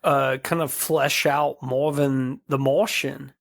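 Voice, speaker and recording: A man's voice: medium pitch, steady tone, takes it slowly, gravelly, a bit bright, no echo. A man co-hosting a podcast, chatting casually and tossing in joking, wry asides. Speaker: podcast co-host. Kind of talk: casual chat reviewing cartoons.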